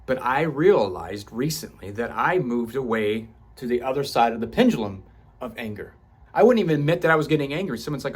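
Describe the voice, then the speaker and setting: A man's voice: fairly high pitch, lively intonation, fairly quick, husky. A man, 38 or older, speaks in a passionate motivational monologue about his own growth. He swears for emphasis, and his voice climbs as he grows fervent. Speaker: self-help vlogger.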